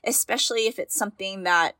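A woman's voice: mid-range voice, fairly quick, sharp tone, no echo, clean studio sound. A woman hosting a parenting talk for mothers. She speaks in an earnest, encouraging way, repeats key phrases and often asks "right?". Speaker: parenting podcast host for mothers. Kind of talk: casual advice talk.

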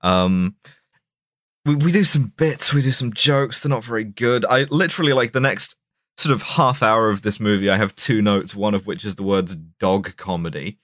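A man's voice: fairly low pitch, normal speed, fairly bright tone, no echo, clean studio sound. A man co-hosting a podcast, riffing on a film in mock-academic irony, with many fillers and restarts. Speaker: podcast co-host. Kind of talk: casual comedic film review chat.

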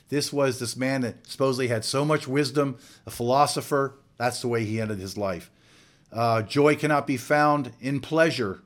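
Male preacher, mid-pitched voice, earnest and emphatic, building through repeated lines. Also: moderate pace. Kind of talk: sermon.

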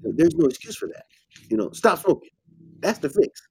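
Blunt, preachy man with a mellow voice. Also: a little high, sing-song, normal speed, creaky, slight background noise. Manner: blunt, preachy, emphatic bursts. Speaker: herbalist host. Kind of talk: casual health talk.

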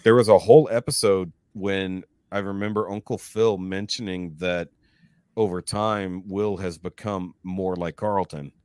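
A man's voice: low-pitched, steady tone, unhurried, a little mellow, clean tone, no room sound. A man from Texas hosting a podcast, chatting in an easygoing, rambling way without a regional twang. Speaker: podcast host. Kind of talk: casual chat.

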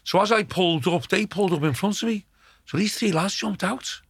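A man, telling lively anecdotes in casual chat, acting out quotes and swearing freely. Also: sits high, a little fast, vocal fry, breathy edge, dry recording, studio quality. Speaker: guest.

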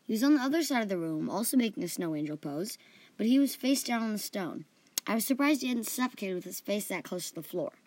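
A woman's voice: mid-range voice, expressive, quick pace, a little mellow, no room sound. A woman hosting a story podcast, narrating in first person with playful asides.

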